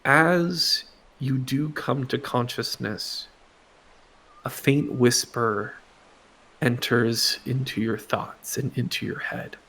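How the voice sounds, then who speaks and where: A man narrates a tabletop game as its game master, taking his time. His delivery is unhurried and halting, with pauses and fillers between phrases. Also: medium pitch, fairly even intonation, sharp tone, slightly rough.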